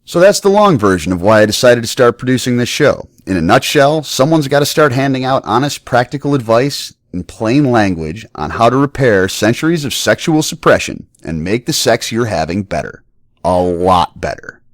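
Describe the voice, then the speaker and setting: A man's voice: medium pitch, big pitch swings, moderate pace, no room sound, studio quality. A middle-aged man hosting a podcast, giving a blunt, profane and playful scripted monologue. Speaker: podcast host.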